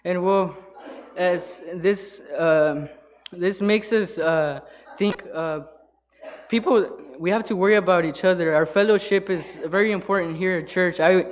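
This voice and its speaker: In a church sanctuary, a lay speaker gives an informal sermon from the pulpit. His voice sits slightly high for a man, and he speaks haltingly, stopping often, using fillers and restarting sentences.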